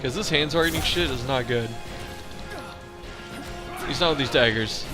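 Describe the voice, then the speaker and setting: A man of middle pitch chats his way through a boss fight as a let's play host, loose, profane and humming along as he plays. Game music runs clearly behind his voice. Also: normal speed. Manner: chatty and profane, hums along while fighting. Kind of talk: casual gameplay commentary.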